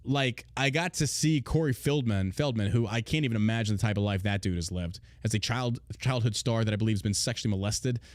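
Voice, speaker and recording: A man hosting a podcast, talking in a blunt, heavily profane casual rant with loud, mocking outbursts. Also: lowish voice, brisk, few pauses, no echo, clean studio sound. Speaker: podcast host.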